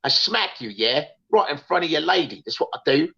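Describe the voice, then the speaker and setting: A man's voice: on the high side, animated, fairly quick, vocal fry, bright, forceful tone, slightly rough, exaggerated voice. A man voicing a brash, threatening London street geezer with a Cockney accent, boasting and swearing in a muffled lo-fi livestream call. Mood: menacing swagger. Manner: swaggering, threatening, profane.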